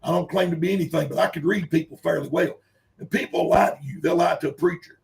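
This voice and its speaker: Gravelly older preacher. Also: male voice, on the high side, fairly even intonation, fast talker. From Kentucky. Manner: earnest, emphatic, plain-spoken. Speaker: preacher, guest. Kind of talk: folksy storytelling.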